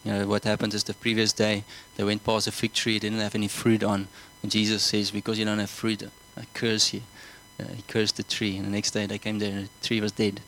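A man's voice: fairly low pitch, monotone, fairly quick, hardly any pauses, fairly bright tone, slight background noise, rough recording. A man preaching a sermon, earnest, often repeating words and asking the congregation whether they follow. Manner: earnest, repeats himself, asks the congregation questions.

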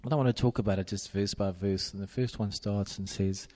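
A man's voice: on the low side, fairly even intonation, a little fast, hardly any pauses, warm tone, long reverb tail. A man preaching a sermon, repeating declarations in a rhythmic, emphatic cadence.

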